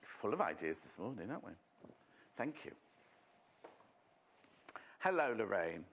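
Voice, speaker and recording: A man's voice: fairly low pitch, big pitch swings, measured pace, fairly bright tone, husky. A man presenting a live sewing demonstration on a shopping channel, chatty and gossipy as he teases the crew. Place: TV studio.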